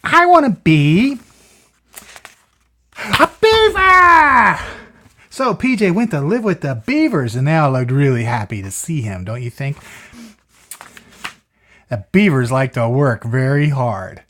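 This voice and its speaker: Brief: lively picture-book reader, very expressive pitch, chats and asks the child questions. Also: moderate pace. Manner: chatty asides and questions to the listener. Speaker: storyteller reading to a child. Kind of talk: reading a picture book aloud.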